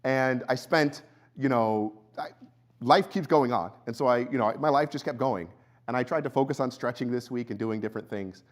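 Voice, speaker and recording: A young adult man, a pastor, preaching a sermon in a church in a conversational storytelling way, dropping his voice low and quiet when he tells a personal story. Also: moderate pace. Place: church sanctuary.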